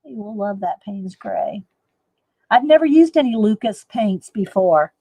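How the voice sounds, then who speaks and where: A woman's voice: mid-range voice, animated, a little slow, mellow, no echo, poor audio. A woman chatting casually to viewers while painting in a live art demo. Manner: chatty, laughs often, talks to viewers.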